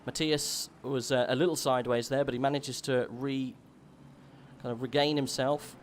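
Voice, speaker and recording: A man doing live commentary on an online sim racing event, chatty between races and excited once the cars go. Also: mid-range voice, normal speed, a little hiss or hum. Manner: chatty and relaxed before the start, louder and excited calling the race. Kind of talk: live esports race commentary.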